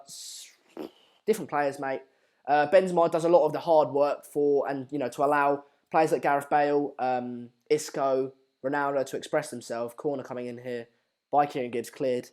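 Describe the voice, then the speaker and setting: Young male streamer with a slightly high voice, chatty and informal, riffing on viewer comments. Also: normal speed. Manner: chatty, reads out viewer comments with lots of fillers. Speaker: live-stream watchalong host. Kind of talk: casual live-stream commentary.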